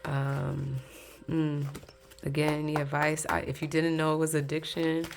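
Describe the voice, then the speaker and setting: A woman's voice: low-pitched, completely flat delivery, a little slow, creaky. A woman giving a casual pick-a-card tarot reading, chatty and candid, talking straight to her viewers and laughing between points.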